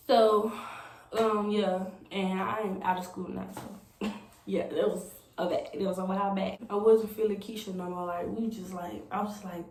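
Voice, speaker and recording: A woman's voice: mid-range voice, a little mellow. Rambling young woman telling a story. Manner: rambling, lots of "like" and "you know". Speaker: vlogger. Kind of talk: storytime vlog. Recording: echoey room with faint noise.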